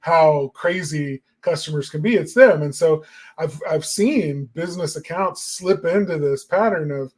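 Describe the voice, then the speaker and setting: A man's voice: a little high, measured pace, darkish tone, husky. A man co-hosting a marketing talk show, musing in casual chat with lots of fillers. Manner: reflective and rambling, many fillers.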